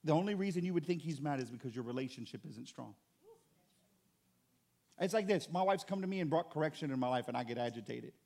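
Preaching with animation and a conversational style, a pastor makes joking asides to his congregation. He's a fast talker with a fairly high, creaky voice.

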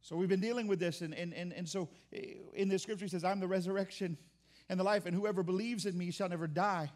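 A man's voice: sits high, fairly even intonation, quick pace, darkish tone. A man preaching as a pastor, conversational with restarts, mimicking complaining churchgoers. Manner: acts out churchgoers' complaints in mock voices. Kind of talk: sermon.

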